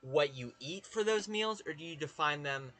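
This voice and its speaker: A man's voice: a little high, animated, moderate pace, bright, forceful tone. A man with a Southern US accent, chatting casually with his live-stream viewers, rambling and swearing as he talks to chat.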